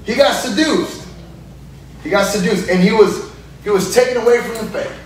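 A man's voice: high-pitched, normal speed. A man leading a Bible study, teaching animatedly, often checking in with his group and acting out scenes. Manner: lively, checks in with "right?", acts out scenes. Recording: echoey room, mic far off, noisy.

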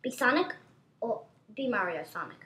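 A woman giving excitable, chatty gameplay commentary as a gaming channel host, constantly exclaiming at what happens on screen. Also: fairly high pitch, moderate pace, a little hiss or hum.

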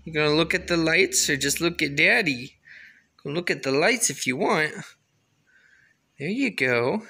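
A father gently coaxing his baby in a home video, sometimes turning playfully dramatic. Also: a little high, animated, measured pace, gravelly, breathy edge.

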